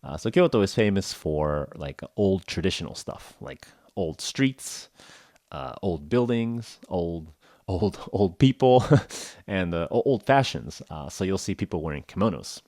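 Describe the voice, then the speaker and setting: A man's voice: deep voice, animated, a little slow, a little mellow, dry recording, studio quality. A man hosting a casual English-learning podcast, talking in a rambling, jokey way full of "like" and "uh". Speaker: podcast host.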